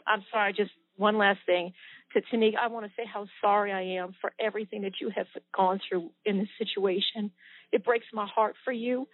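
A woman's voice: medium pitch, no room sound. A woman co-host speaking sincerely and apologetically to a guest. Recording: thin phone-line audio, dry.

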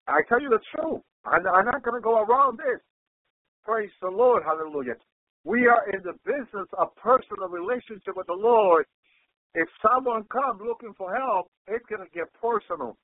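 High-voiced preacher on tinny radio. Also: male voice, no echo. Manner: repeats "praise the Lord" between phrases; acts out quoted people in his own voice. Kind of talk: sermon. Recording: tinny phone-like radio broadcast sound.

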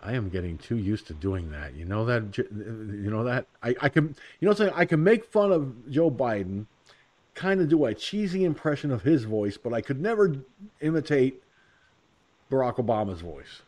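Male talk radio host, blunt and profane, very animated delivery. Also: medium pitch, moderate pace. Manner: blunt, profane, rambling with impressions. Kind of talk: casual radio talk show.

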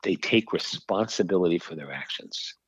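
An older man voicing a kindly but firm older Jesuit priest, gentle and persuasive. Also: low-pitched, lively intonation, moderate pace, slightly rough, no room sound, lo-fi sound. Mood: earnest.

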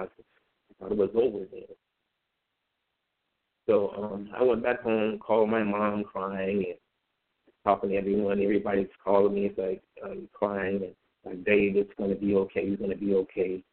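Man, low gravelly voice, halting personal testimony, tinny phone-band sound. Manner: halting, with many fillers and repeated words. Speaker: interviewee telling his story.

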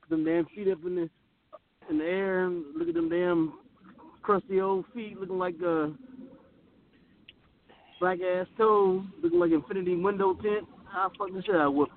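A man co-hosting a radio show in casual comedic banter. He is a loud, crude jokester. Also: high voice, steady tone, moderate pace, pauses often. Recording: lo-fi phone-like sound with faint noise.

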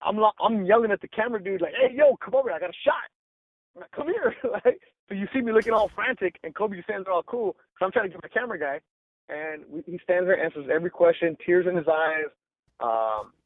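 High-voiced man on a tinny line. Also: dry recording. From Los Angeles. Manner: animated, acts out quotes, says "like" and "bro" often. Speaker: sports reporter, guest. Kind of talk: casual interview storytelling.

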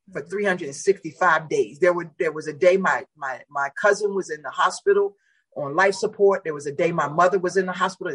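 A woman pastor, a guest on the show, telling a testimony story in an animated way and acting out the voices in it. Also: husky, low-quality recording. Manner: dramatic, acts out the voices in her stories with big pitch leaps.

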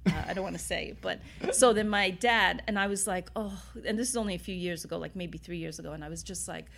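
A New York City bar owner speaks inside an old bar as a casual interview guest, her voice fairly low, quick, creaky and slightly bright. She rambles through anecdotes, peppering them with "you know" and "like" and laughing as she tells her stories.

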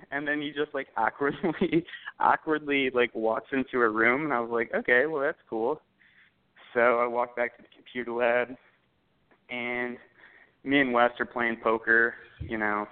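Young man, podcast co-host, rambling casual storyteller, swears a lot, tinny phone-line sound. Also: mid-range voice.

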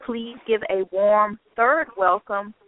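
A woman hosts a radio talk show in a friendly, chatty manner, with a pitch that sits right in the middle. She comes through a thin, tinny phone line. She laughs easily between her words. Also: steady tone, slow. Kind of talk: casual internet radio chat.

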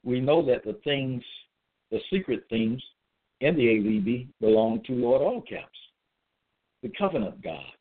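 A man preaching a religious monologue at an unhurried, deliberate pace, his pitch swinging widely as he stresses each point. He repeats himself and spells words out letter by letter. The sound is thin and tinny, as though it came over a phone line. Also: big pitch swings. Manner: emphatic and repetitive, spells out letters; hesitant restarts with frequent uh. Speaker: self-styled religious teacher.

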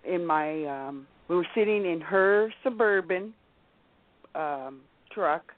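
Hesitant woman calling in by phone. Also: sits low. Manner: hesitant, many ums and pauses. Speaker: caller sharing a testimony. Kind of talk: telling a personal story. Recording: tinny phone-line audio.

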